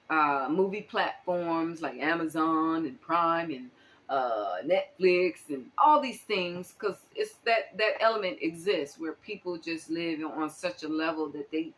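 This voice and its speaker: A low-pitched woman from the United States talks straight to her viewers in a loose, unscripted monologue. She is animated, breaks into exclamations and fills her pauses with ums and you-knows. A faint background noise runs under her voice. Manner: animated, exclaiming, many fillers. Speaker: channel host. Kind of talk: casual monologue commentary.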